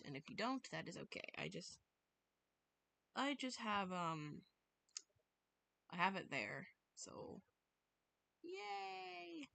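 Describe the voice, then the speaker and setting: A woman streamer reading a visual novel aloud and chatting, with sudden squealing excitement. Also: lowish voice, dry recording. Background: background music.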